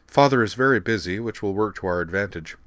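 A man's voice: lowish voice, quick pace, dry recording, lightly acted. Man reading as a cool, formal teenage princess. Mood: composed formal. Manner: controlled, flat and formal. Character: poised, imperious teenage alien princess.

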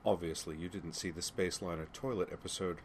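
A sardonic young woman drops quiet, muttered asides, as a man reads her in his own low voice. A faint hiss runs under the storybook reading. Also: sing-song, fast.

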